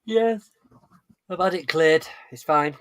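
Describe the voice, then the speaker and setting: A man with a bright, sharp voice and a slightly high pitch, co-hosting a casual stream. He drops dry, teasing quips, and the sound is close and dry with no room around it. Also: slow, smooth, no room sound. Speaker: co-host of a movie live stream. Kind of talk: casual chat.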